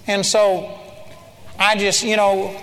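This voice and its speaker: An older man preaching a sermon, telling personal stories with animated energy and sudden loud shouts of praise. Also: high-pitched, slow. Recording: church hall reverb with faint ambience.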